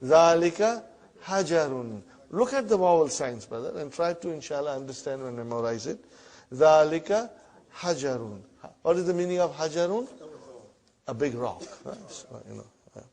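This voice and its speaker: A man teaching a classroom Arabic lesson in English, repeating words slowly and checking in with the students as he goes. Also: a little high, lively intonation, darkish tone. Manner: repeats words slowly, often asks "huh?" and "brother".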